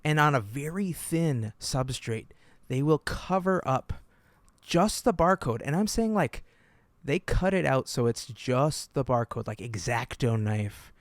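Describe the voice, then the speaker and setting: A man co-hosting a podcast, telling stories in an animated, joking way and laughing often. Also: medium pitch, unhurried, no echo. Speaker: podcast co-host. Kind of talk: casual podcast chat.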